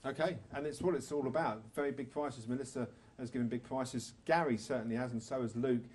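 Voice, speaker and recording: A man's voice: mid-range voice, fairly even intonation, brisk, darkish tone. A man hosting a horse racing show, hesitant and repeating words as he links segments. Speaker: host.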